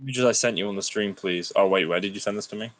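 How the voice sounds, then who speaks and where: A man chats casually as a guest on a stream, telling blunt, sweary, joking anecdotes. His voice sits a little lower than most men's. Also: fast talker. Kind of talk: casual chat.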